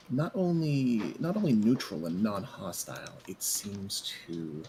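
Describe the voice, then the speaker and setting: Male game master, lowish voice, measured halting narration, noise in the recording. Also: big pitch swings, warm tone. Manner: measured, hesitant narration with fillers.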